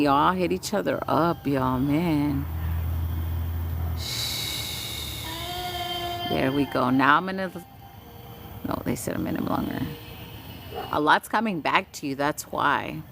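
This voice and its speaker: A woman's voice: deep voice, vocal fry. A woman from Texas, giving a casual spiritual energy reading on a live stream, soothing and chatty with frequent giggles. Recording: noisy background with passing vehicles.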